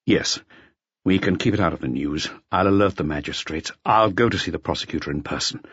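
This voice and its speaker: Man doing a senior police chief, deep, firm, reassuring, lo-fi. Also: a little fast, fairly bright tone, slightly rough, dry recording. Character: senior male police superintendent, concerned and firm. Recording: dull lo-fi audio.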